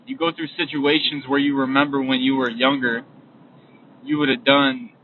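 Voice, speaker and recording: A man's voice: medium pitch, level tone, normal speed. A young man giving a casual, rambling motivational talk as a podcast host, often repeating himself and restarting his sentences. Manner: casual, repetitive, trails off and restarts. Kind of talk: motivational monologue while driving. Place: in a vehicle. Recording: distant, phone-like lo-fi recording with faint road noise.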